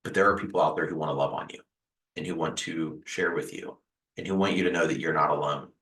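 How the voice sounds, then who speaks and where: Deep-voiced man giving gentle reassurance. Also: fairly even intonation, fast, reverberant, low-quality recording. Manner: gentle, reassuring, repetitive phrasing with fillers. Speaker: host sharing house fire recovery advice. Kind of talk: earnest direct-to-camera advice talk.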